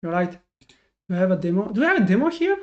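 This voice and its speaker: A man's voice: sits high, very animated, quick pace. Frustrated man thinking aloud while trading. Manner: frustrated, self-critical, thinks aloud with restarts. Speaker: day trader streaming live. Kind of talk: live trading stream, talking to chat. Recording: dull lo-fi sound.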